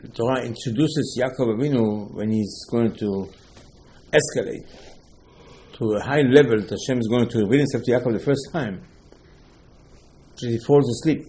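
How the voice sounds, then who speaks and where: A man teaching a religious lesson in slightly non-native English, emphatic and repetitive, with sharp swings between loud and quiet. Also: medium pitch, moderate pace, pauses often. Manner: emphatic, repeats key points, swings between loud and soft. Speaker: rabbi giving a Torah lesson. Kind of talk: religious lecture.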